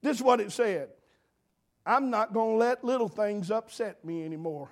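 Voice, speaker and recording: A man's voice: high-pitched, normal speed. A man preaching a folksy sermon, telling homespun stories in an earnest, repetitive way. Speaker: pastor.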